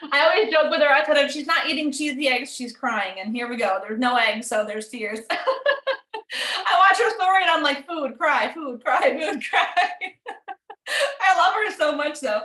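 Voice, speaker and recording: A woman's voice: on the high side, bright, forceful tone, roomy sound. A woman telling stories in a casual group chat, laughing often as she talks. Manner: bubbly, laughing, storytelling.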